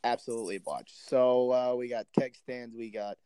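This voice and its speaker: A man's voice: medium pitch, fairly even intonation, moderate pace, mellow, clean tone, no room sound. A man co-hosting a podcast, chatting casually and telling jokey stories full of fillers. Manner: laid-back, jokey storytelling with fillers. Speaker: podcast co-host. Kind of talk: casual chat.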